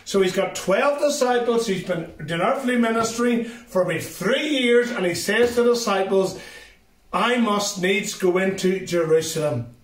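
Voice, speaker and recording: A man with a high voice gives a children's assembly talk, telling the story straight to the young listeners. He is recorded from some distance in a roomy space, so echo hangs on his words. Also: measured pace. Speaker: children's ministry speaker. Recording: roomy sound from a distant mic.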